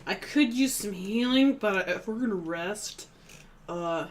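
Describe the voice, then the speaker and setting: A woman's voice: medium pitch, expressive, measured pace, slight background noise. A woman playing in a tabletop game, chatting casually and drifting into tangents. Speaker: player.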